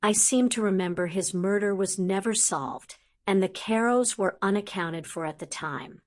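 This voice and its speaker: A woman's voice: medium pitch, moderate pace, a little mellow, close to an everyday voice. A woman reading an audiobook, voicing a frank, wry grown male wizard in a conversational tone. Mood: reasoning.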